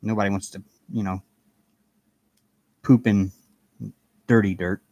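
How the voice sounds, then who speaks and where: A man's voice: lowish voice, steady tone, measured pace, dark tone, no room sound. A man hosting a casual live stream from his apartment, chatting in a rambling way and greeting viewers by name. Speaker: livestream host chatting with viewers. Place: home apartment.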